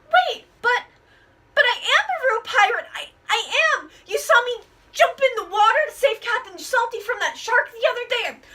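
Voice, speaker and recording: A woman's voice: very high voice, expressive, moderate pace, pushed and bright, recorded from a distance, pitched above the performer's own voice, full character voice. A woman voicing a nervous, whiny young pirate second mate who stammers and pleads. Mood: defensive.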